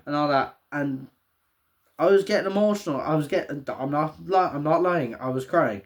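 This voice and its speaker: A young man, casually recapping a show in a rambling, excitable way with a lot of swearing and laughter. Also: fairly high pitch, normal speed.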